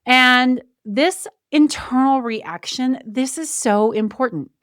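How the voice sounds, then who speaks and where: A woman hosting a solo podcast, speaking candidly and reflectively. She slows down and pauses deliberately to stress her points. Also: high-pitched, fairly bright tone, no room sound, studio quality. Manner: candid and emotional, with brief laughs. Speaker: podcast host.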